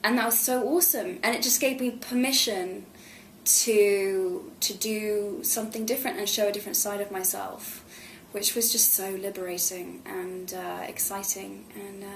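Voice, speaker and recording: A woman's voice: mid-range voice, steady tone, normal speed, vocal fry, slight background noise. A young adult woman, an actress, talking chattily and effusively as a guest in a candid press interview. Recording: roomy echo.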